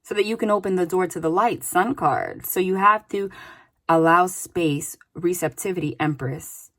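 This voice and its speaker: A woman reads tarot in a casual, chatty way, her lowish voice fairly bright and her speed normal. "Like" and "okay?" pop up frequently in her loose delivery.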